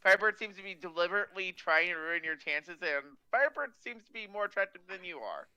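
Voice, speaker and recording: High bright man as game master. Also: expressive, fast talker, clear, resonant tone, highs cut off. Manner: hesitant, ruling. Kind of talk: running a tabletop game.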